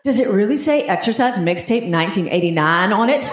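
A woman's voice: mid-range voice, animated, a little fast, pitched below the performer's own voice, natural voice. A woman voicing a prim, judgmental young girl, in an echoey theater with audience noise.

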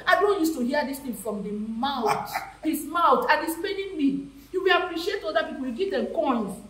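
Woman, 50s, animated storyteller, slightly high voice, echoey room. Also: moderate pace. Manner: animated, acts out quoted voices. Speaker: actress and costumier. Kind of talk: storytelling to guests. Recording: echoey room with faint noise.

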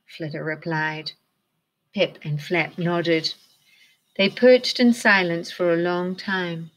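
A woman's voice: lowish voice, fairly even intonation, slow pace. A woman teacher reading a picture book aloud to children, encouraging them and asking them questions. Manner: encouraging, asks the listeners questions.

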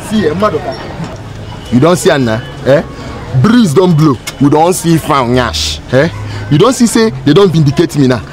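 An actor playing a loud, quarrelsome male motorcycle taxi rider who heckles with a Nigerian Pidgin accent. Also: on the high side, lively intonation, lightly acted. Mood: scolding. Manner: scolding, heckling, quick. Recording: film audio with music and crowd.

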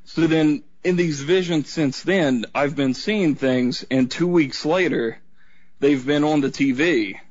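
A man's voice: on the high side, takes it slowly, no echo. A man calling a radio show, telling his story in a casual, rambling way. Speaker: caller. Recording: dry, dull lo-fi line.

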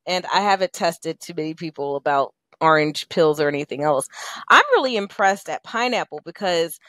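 A woman co-host with a lowish voice, recorded close and dry. She chats in a relaxed, easygoing way. She laughs often as she talks. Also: moderate pace, dry recording. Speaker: radio show co-host. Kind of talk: casual chat.

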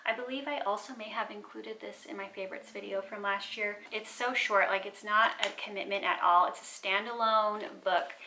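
A woman's voice: medium pitch, steady tone, normal speed, hardly any pauses, noisy background. A woman book vlogger chatting casually and enthusiastically about books she loves, sometimes correcting herself mid-sentence. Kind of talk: casual chat.

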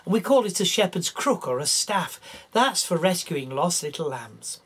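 A man telling a children's story in an animated way, talking straight to the young listeners. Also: sits high, normal speed, husky.

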